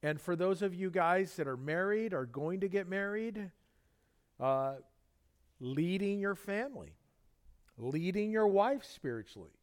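A man giving a relaxed, conversational sermon, his voice sitting a bit high for a man. He tells everyday stories and acts out little bits of dialogue as he preaches. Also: unhurried. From Southern California. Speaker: pastor. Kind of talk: casual sermon.

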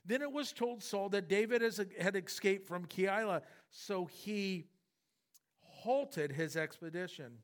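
High-voiced man preaching a lively sermon. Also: slow. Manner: animated, acts out voices of the story. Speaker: pastor. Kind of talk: expository sermon.

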